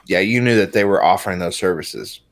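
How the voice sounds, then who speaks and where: A man's voice: low-pitched, a little fast, crowd noise. A man co-hosting a podcast in casual chat, joking crudely and stammering into his stories. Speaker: podcast co-host.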